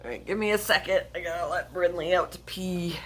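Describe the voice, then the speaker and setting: A woman's voice: fairly low pitch, brisk, a little hiss or hum. A woman from Michigan hosting a casual livestream chat from home, rambling and laughing often. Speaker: livestream host. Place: home, with her dog.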